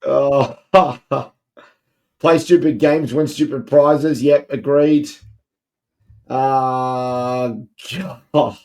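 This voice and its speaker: A laid-back man talks slowly and easily on a comedy podcast, reading listener comments and chuckling. His voice sits at a middling pitch. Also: fairly even intonation, a little mellow. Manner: laid-back, laughs at stories, says mate. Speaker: podcast co-host. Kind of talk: casual comedic chat.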